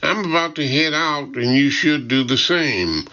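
A man's voice: on the high side, lively intonation, unhurried, bright, forceful tone, muffled recording, pitched above the performer's own voice, full character voice. Man putting on a prim London secretary, older. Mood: brisk. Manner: prim, lecturing, condescending. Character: officious older British woman secretary, disapproving.

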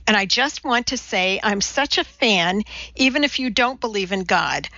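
A woman's voice: mid-range voice, expressive, normal speed, sharp tone, no echo, muffled recording. A woman reading the part of an eager, nervous female fan asking a question from the audience. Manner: gushing, nervous.

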